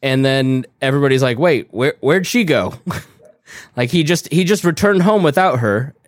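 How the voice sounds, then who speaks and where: A man's voice: medium pitch, animated, normal speed, dry recording, clean studio sound. A man co-hosting a casual podcast chat, rambling and self-interrupting in a playful way. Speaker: podcast co-host.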